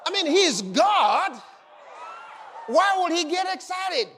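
Brief: male preacher, exuberant, shouts exclamations, high voice, long hall reverb. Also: very animated, slow pace, some chatter behind, slight background noise. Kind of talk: sermon.

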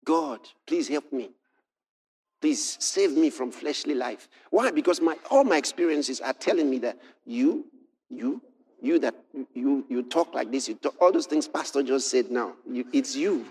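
A man preaching a sermon. He moves from quiet storytelling to shouted exhortation and quotes scripture in old-fashioned wording. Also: medium pitch, animated, measured pace, a little hiss or hum.

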